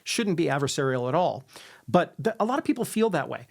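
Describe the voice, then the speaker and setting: A man's voice: sing-song, fairly quick, creaky. Upbeat male sales coach, downward endings. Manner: demonstrates intonation, ends sentences on a lower note; tags questions with "right?". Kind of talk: instructional talk to camera.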